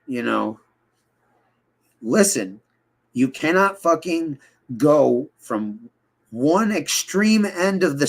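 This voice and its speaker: A man giving a casual interview, rambling and heated, swearing often and mimicking other people in quoted voices. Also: a little high. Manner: profane, rambling, heated, many fillers and restarts.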